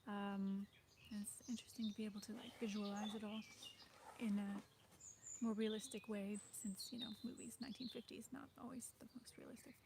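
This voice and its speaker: A woman's voice: mid-range voice, fairly even intonation, normal speed, creaky, background noise. A woman chatting on her livestream, hesitant and rambling, with lots of fillers and small laughs. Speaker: livestream host. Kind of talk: casual livestream chat. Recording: birdsong in the background. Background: birdsong.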